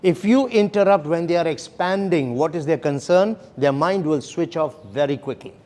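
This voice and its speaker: A man's voice: a little high, lively intonation, moderate pace, dark tone. A man leading a sales training session, explaining steps and often checking in with "okay?" and "right?". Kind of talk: classroom training lecture.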